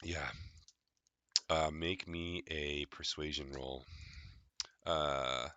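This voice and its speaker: A man's voice: extremely low pitch, steady tone, very slow, sharp tone, clean tone, dry recording. A man running a tabletop game as game master, narrating casually with crude jokes and laughter.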